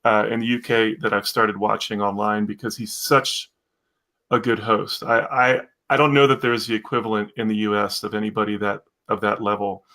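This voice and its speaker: An American man co-hosts a casual live stream, rambling through his thoughts and picking up viewer comments. His voice sits a little low but comes across bright and forward. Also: level tone, normal speed. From United States.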